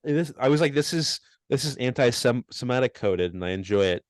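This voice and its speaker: A man's voice: medium pitch, animated, brisk, dry recording. A young man co-hosting a podcast, rambling through a story with lots of laughter and self-mocking asides. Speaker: podcast co-host. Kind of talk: casual chat.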